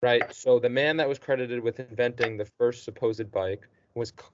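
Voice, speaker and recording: A man's voice: medium pitch, steady tone, moderate pace, background noise. A man teaching a student one-on-one, patient and encouraging, checking in with the student often. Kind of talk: one-on-one tutoring session. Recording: dull dry lo-fi recording.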